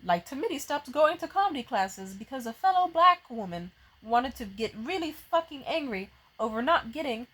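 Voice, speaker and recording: A young woman venting to her camera in a fast, profane, exasperated rant, often stopping and restarting her sentences. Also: high voice, sing-song, a bit bright, low-quality recording. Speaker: vlogger. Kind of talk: profane ranting vent. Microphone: facing a camera.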